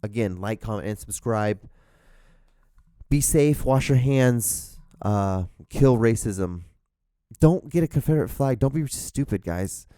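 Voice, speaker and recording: A man's voice: medium pitch, lively intonation, unhurried, mellow, clear, resonant tone, no echo, studio quality. A young man hosting his own show, rambling casually with lots of fillers and restarts, sounding tired, his voice starting to go. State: tired, voice going out. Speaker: host.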